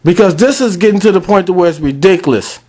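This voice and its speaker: Male podcast host, higher-pitched voice; fired-up, blunt sports rant aimed at the listeners. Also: expressive, fast, a little mellow. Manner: fired-up, addresses fans directly; blunt, repetitive scolding.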